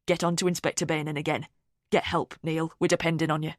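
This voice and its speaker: A woman voicing an assertive, steady father. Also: sits low, quick pace, dry recording, studio quality, lightly acted. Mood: firm. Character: assertive, calm middle-aged father, a man.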